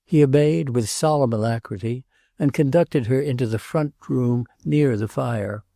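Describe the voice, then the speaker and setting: A man reading a classic novel aloud as audiobook narrator, measured and even. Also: medium pitch, creaky, no room sound, clean studio sound. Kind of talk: scripted narration.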